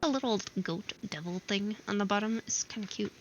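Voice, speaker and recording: A woman streamer playing a game, reading every character's lines aloud in her own voice and adding quick casual asides. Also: mid-range voice, dull audio, a little hiss or hum. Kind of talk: let's play, reading game dialogue aloud.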